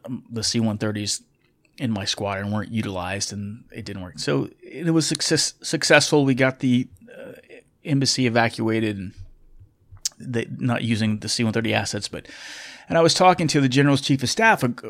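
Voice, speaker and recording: A middle-aged man, a former military officer turned pilot, telling a story in a candid, reflective way with fillers and restarts. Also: on the low side. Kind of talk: casual storytelling.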